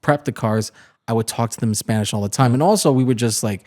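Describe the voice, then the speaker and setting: A man's voice: medium pitch, warm tone. A man co-hosting a podcast in casual chat, chatty and agreeable, often chiming in. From Puerto Rican heritage. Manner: chatty, agreeable, quick to chime in. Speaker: podcast co-host.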